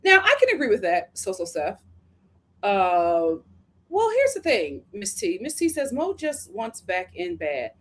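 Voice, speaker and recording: An American woman hosting a live review stream. She reads viewer comments aloud and answers them in slangy, chatty talk, laughing often and drifting into quick asides. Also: medium pitch, wildly swooping pitch. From United States. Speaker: reality TV reviewer hosting a livestream. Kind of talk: casual livestream commentary reading viewer comments.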